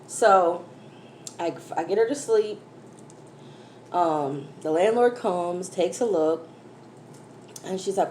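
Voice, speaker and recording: A woman's voice: on the low side, slow, long pauses. A woman, a mother, telling a story animatedly to her viewers in a casual chat while eating. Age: adult, mother of a school-age daughter. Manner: animated, exclaiming, addresses viewers as y'all. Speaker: food vlogger. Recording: echoey room, faint background noise.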